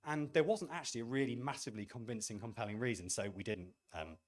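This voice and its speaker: Animated man giving a conference talk. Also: mid-range voice, fast talker. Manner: animated, self-deprecating, acts out quoted remarks. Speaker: game studio leader giving a talk.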